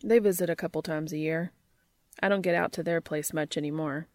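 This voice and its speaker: A woman's voice: low-pitched, steady tone, a little fast, darkish tone, no echo, studio quality, close to an everyday voice. A woman reading the lines of a troubled, guarded man who halts and pushes through a raw confession. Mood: confessional.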